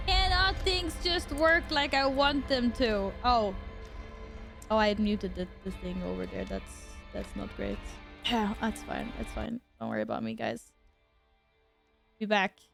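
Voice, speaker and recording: A woman's voice: on the high side, measured pace, gravelly, long pauses, music in the background. Flustered woman streamer talking to chat. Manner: flustered, talks to chat while fixing audio. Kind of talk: casual live-stream chat.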